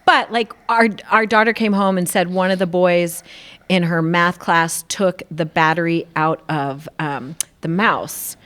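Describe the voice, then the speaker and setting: A middle-aged woman co-hosting a podcast in casual chat, telling animated stories, acting out quoted voices and laughing often. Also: fairly low pitch, measured pace. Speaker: podcast co-host.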